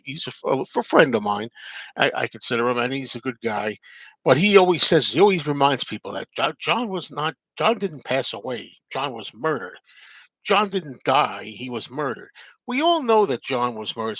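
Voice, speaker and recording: A man hosts a casual live chat, reading viewer comments and answering them in a chatty way, repeating himself and drifting into rambling asides. His voice is medium-pitched with a fairly bright tone, and there's no echo.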